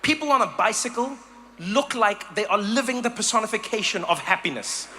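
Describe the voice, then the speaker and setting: A man from Africa, doing animated live stand-up comedy and storytelling. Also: high voice, fairly quick, background noise. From South Africa. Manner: animated storytelling, acts out voices.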